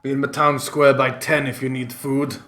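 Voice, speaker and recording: A man's voice: mid-range voice, flat delivery, moderate pace, bright, forceful tone, a little hiss or hum, lightly acted. A man playing a suspicious male town gate guard who questions travellers bluntly, in a tabletop game. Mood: gruff.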